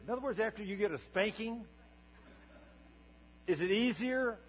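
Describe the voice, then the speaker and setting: An older man preaching as a pastor, telling a story in a folksy, animated way that swings from quiet asides to shouts. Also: high voice, moderate pace, long pauses. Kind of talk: sermon storytelling. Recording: dull recording with long hall reverb and mains hum.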